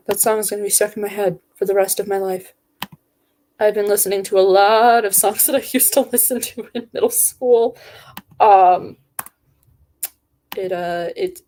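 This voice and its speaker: A woman's voice: medium pitch, mellow. A young woman hosting a casual livestream, chatting and reacting to viewers' messages in a loose, profane way. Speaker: livestream host.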